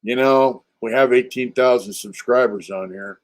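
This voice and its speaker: A man's voice: medium pitch, normal speed. An older man hosting a casual livestream, telling a story in a loose, rambling, streetwise way with lots of fillers and swearing. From California. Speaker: livestream host.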